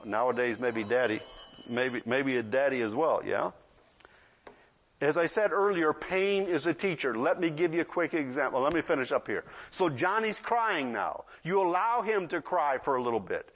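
A man's voice: on the high side, lively intonation, moderate pace, fairly bright tone. A man in his sixties preaching a sermon in a conversational way, often checking in with the audience and acting out children's voices in asides. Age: 60s.

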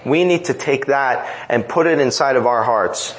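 A man's voice: medium pitch, moderate pace, poor audio. A man in his thirties delivers a sermon with earnest emphasis, stacking repeated phrases to drive each point home. Faint ambient noise sits under his voice. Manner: earnest, repetitive emphatic preaching. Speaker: pastor.

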